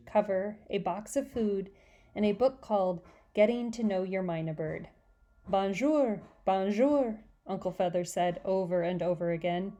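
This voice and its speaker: A woman teacher reading a chapter book aloud to her class. Her voice is mid-pitched and her delivery is warm and expressive. She tells the story in steady, clear narration. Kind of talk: children's book read-aloud.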